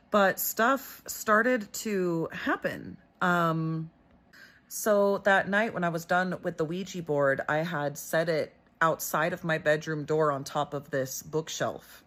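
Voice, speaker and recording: A woman's voice: low-pitched, a bit bright. A young woman hosting a storytelling video, retelling a scary personal experience in a chatty way with many fillers. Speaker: storyteller host. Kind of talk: casual storytelling.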